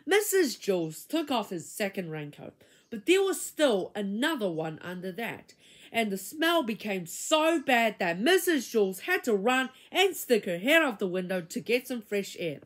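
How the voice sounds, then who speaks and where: Expressive woman reading a children's book. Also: medium pitch, normal speed. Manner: expressive, dramatic storytelling. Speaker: reader.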